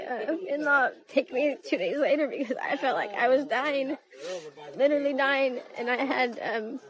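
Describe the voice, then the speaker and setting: Sick, tearful woman with a high voice. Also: muffled recording. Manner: upset, voice breaking into tears. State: sick, coughing. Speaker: woman living in an RV. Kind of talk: street interview.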